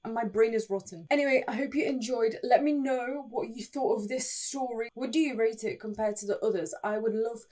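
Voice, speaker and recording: Young woman, host, casual story recap, playful and chatty, a bit high-pitched. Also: fairly quick, few pauses, a little mellow. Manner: chatty and playful, laughing often, dramatic asides.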